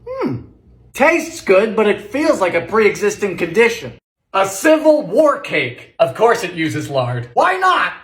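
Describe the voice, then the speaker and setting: A man hosting a comedic cooking video, trading deadpan sarcastic one-liners and sudden shouted calls of ingredients in his home kitchen. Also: high voice, unhurried, echoey room, a little hiss or hum. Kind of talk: comedic vintage-recipe cooking vlog.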